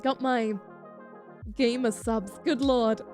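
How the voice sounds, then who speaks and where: A woman's voice: on the high side, fairly even intonation, takes it slowly, a little mellow, faint music behind. A woman streamer chatting casually with her viewers, affectionate and giggly, calling them darling. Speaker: VTuber streamer. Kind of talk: casual live-stream chat.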